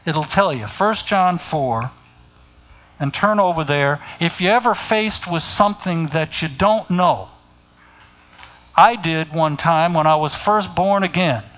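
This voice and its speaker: A middle-aged man preaching a sermon, speaking deliberately and pointing his listeners to scripture. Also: on the high side, fairly bright tone, poor audio.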